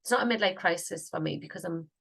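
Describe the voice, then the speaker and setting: A woman's voice: lowish voice, fast talker, creaky, a bit bright, rough recording. A woman, rambling and thinking aloud in a casual vlog. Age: 30s. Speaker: singer vlogging.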